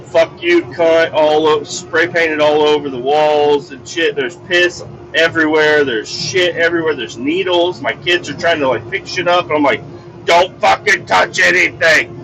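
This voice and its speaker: Recorded in a moving car with faint road noise, a middle-aged man rattles off a rambling, exasperated story packed with profanity for his podcast. His voice is fairly high and a bit bright, at a moderate pace with hardly any pauses, and the recording quality is low.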